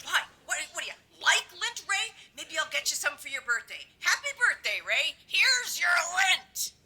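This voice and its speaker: An actress reading the part of an exasperated wife in a sitcom table read, scolding with sarcastic retorts over a video call. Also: female voice, very high-pitched, sing-song, normal speed, sharp tone, heavily acted. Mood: nagging. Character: exasperated wife fed up with her husband. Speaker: actor in a reunion table read.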